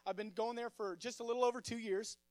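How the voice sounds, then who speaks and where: A man's voice: extremely high pitch, fairly even intonation, fast talker, no room sound. A young man, preaching as youth pastor in a church, friendly and joking, often stammering and repeating words. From Texas. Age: 20s. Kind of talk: sermon with casual storytelling. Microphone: stage microphone.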